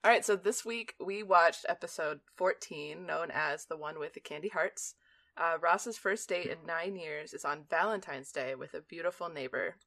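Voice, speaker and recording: A woman's voice: fairly low pitch, normal speed, bright, forceful tone. A young woman co-hosting a podcast in casual chat, giggly, reading out summaries. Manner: giggly, reads episode summaries. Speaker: podcast co-host.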